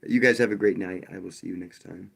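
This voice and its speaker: Deep-voiced rambling man hosting a livestream. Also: fast, creaky. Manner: rambling, loose, with frequent restarts; wry and sarcastic. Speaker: livestream host. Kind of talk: casual live-stream talk.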